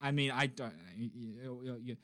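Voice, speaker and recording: A podcast co-host in casual chat, joking, swearing and riffing with animated energy. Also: medium pitch, normal speed. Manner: animated, jokey, swears freely.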